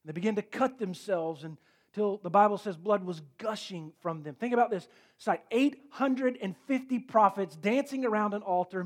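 A man preaching a sermon, telling the story with animated swings between loud and quiet. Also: high-pitched. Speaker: pastor.

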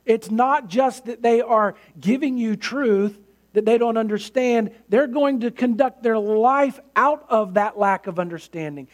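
A man's voice: very high voice, unhurried. A male pastor preaching a sermon in an earnest, emphatic way, building points through repetition.

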